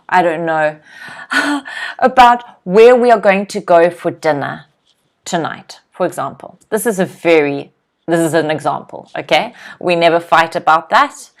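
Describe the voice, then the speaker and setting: A young woman leads a live online English lesson, reading viewers' comments aloud with a light laugh and drilling new vocabulary slowly and clearly, word by word. Her voice is on the low side with a fairly bright tone, and she often checks in with "okay?"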